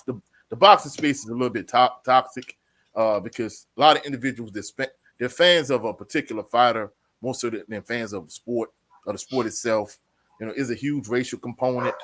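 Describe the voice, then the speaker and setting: A man, a guest creator who talks about himself in a relaxed way with many "you know" fillers. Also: mid-range voice. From Louisiana. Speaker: guest, sports channel creator. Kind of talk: casual interview talk.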